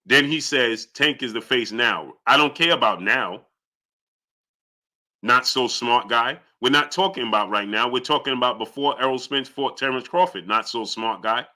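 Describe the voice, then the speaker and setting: A young adult man hosting a live boxing stream, arguing heatedly with chat and climbing in pitch as he gets indignant. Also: moderate pace, bright, forceful tone. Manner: heated, argumentative, rising pitch when indignant. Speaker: boxing channel host.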